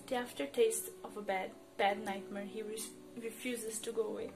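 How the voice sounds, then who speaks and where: Over soft music, a woman reads fan fiction aloud, narrating dramatically and with emotion. Her mid-range voice keeps a steady tone at normal speed, with few pauses.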